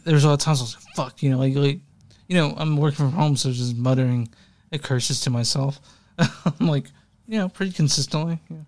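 A man's voice: fairly high pitch, fairly quick, a little mellow. A young man co-hosting a music podcast, rambling casually, laughing often and swearing offhand. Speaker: podcast co-host.

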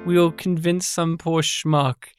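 A man's voice: fairly high pitch, little pitch movement, slow pace, faint music behind. A man, co-hosting a podcast in a jokey, rambling way. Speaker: podcast co-host. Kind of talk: casual chat.

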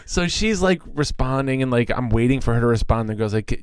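A man's voice: mid-range voice, expressive, a little fast, few pauses, clear, resonant tone, no room sound, studio quality. A middle-aged man co-hosting a podcast, telling a story in a casual, profane way and acting out the people he quotes. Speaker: podcast co-host.

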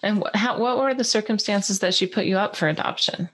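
A woman's voice: mid-range voice, fairly quick, a bit bright, breathy edge. A woman co-hosting a podcast interview, reacting to the guest with exclamations and asking questions. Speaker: podcast co-host.

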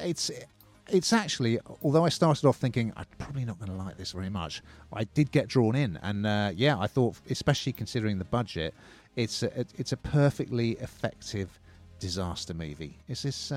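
A man's voice: medium pitch, darkish tone. A man reviewing films in a casual chat, with frequent restarts and a conversational manner. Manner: chatty, hesitant restarts, conversational. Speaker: film reviewer.

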